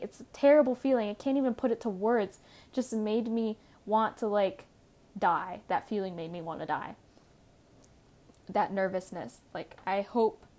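A teenage girl tells a personal story in a loose, casual way. She rambles and corrects herself mid-sentence, with plenty of fillers. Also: mid-range voice. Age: teens. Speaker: podcast host.

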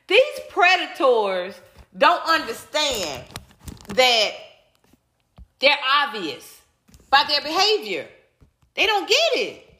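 Woman, livestream commentator, high voice, emphatic, blunt, repetitive, echoey room. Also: very animated, measured pace, pauses often, sharp tone. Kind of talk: heated casual opinion rant.

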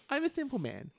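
Lively, excitable Australian man. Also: very high-pitched, vocal fry, no room sound. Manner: excitable, laughs often, theatrical. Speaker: co-host. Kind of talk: casual podcast banter.

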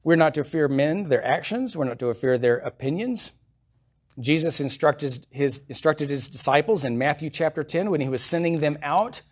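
A pastor preaches a sermon in church, reading scripture aloud with emphatic rises before explaining it plainly and conversationally. His voice is fairly high-pitched and moderately paced.

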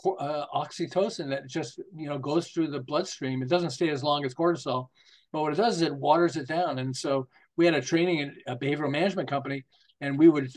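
An older man, a marketing consultant, chatting as a podcast guest and telling stories with frequent laughter. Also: a little high. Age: 60s or older. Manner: animated, laughs often while telling jokes and anecdotes. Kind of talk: casual conversational storytelling.

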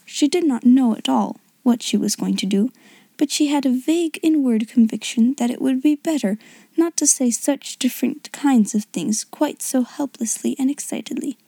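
A woman reading a classic novel aloud as an audiobook narrator, in an even, measured manner. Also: high voice, gravelly, dry recording. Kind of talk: scripted narration.

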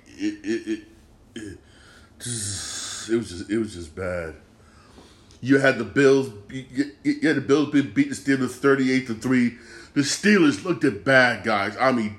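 A frustrated man talks through a football loss on his own sports podcast, swearing freely and circling back over the same points. His voice sits at an ordinary middle pitch, and his disgust stays plain the whole way. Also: unhurried. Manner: frustrated, swears often, repeats himself. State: upset and disgusted. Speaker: podcast host. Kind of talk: casual sports rant.

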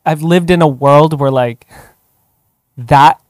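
A man hosting a podcast asks curious, gently probing questions in relaxed conversation. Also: fairly high pitch, slow, dry recording, studio quality. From outside the United States. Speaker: podcast host. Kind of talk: interview conversation.

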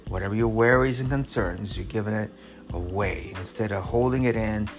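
A man's voice: on the low side, normal speed, soft background music. A man giving an earnest motivational talk about self-care, telling a story along the way. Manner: earnest and emphatic, lists points, drops to soft tones. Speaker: wellness speaker.

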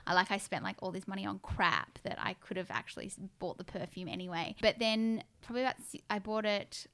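A woman's voice: mid-range voice, a little fast, fairly bright tone. A woman, telling stories in a chatty interview and saying "like" a lot. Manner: chatty, storytelling with lots of "like". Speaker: guest, brand co-founder. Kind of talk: casual interview chat.

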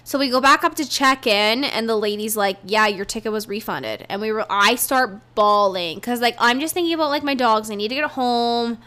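A woman's voice: a little high, bright, forceful tone, clean tone. A young woman co-hosting a podcast, telling a travel story in casual chat with blunt swearing and quoted back-and-forth. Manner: swearing, fast recap with quoted dialogue. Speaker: podcast co-host. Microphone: podcast microphone.

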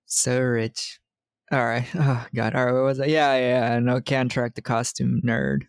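Young man with a gravelly creak. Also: medium pitch, moderate pace, dry recording. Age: 20s. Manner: loose and profane, laughs often, slangy. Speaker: podcast co-host recapping a film. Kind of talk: casual movie recap chat.

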